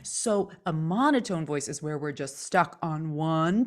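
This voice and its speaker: A woman coaching on speaking voice, lively and demonstrative. She teaches in a conversational way, often acting out the sounds she describes. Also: low voice, unhurried, hardly any pauses. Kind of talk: instructional chat.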